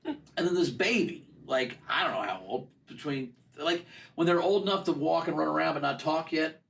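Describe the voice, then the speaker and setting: Guy in his 40s telling a story, fairly high voice, swings all over, mic a bit far off. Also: normal speed, creaky. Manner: animated, acts out voices in his stories, laughs often. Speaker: comedian guest. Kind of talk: casual storytelling chat.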